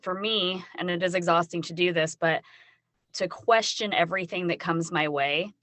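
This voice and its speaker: A woman's voice: on the low side, fairly even intonation, moderate pace, fairly bright tone, no room sound. A woman hosting a podcast interview who speaks frankly and outspokenly, with wry asides. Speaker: podcast host. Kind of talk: casual interview chat.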